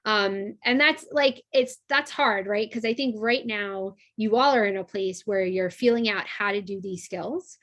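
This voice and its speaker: A woman's voice: mid-range voice, unhurried, few pauses, fairly bright tone. A young adult woman teaching a class in a conversational way, with many fillers and frequent checks like "right?". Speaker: instructor.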